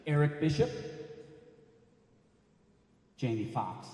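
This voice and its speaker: A man in his fifties from Connecticut gives a dramatic live storytelling reading, switching between quiet asides and shouted bursts. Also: mid-range voice, normal speed. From Connecticut, USA. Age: 50s. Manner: animated, dramatic, shouts sudden bangs. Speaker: storyteller performer. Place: library hall. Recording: echoey library hall.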